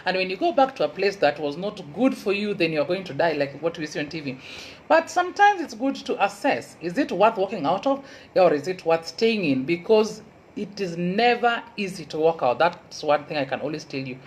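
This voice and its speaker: Kenyan lady w a luo accent, lecturer type, earnest advice talk, slows down to hammer points home, bit of hiss behind. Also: fairly low pitch, big pitch swings, poor audio. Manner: earnest, advising, repeats key phrases slowly for emphasis. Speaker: university lecturer. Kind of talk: motivational talk.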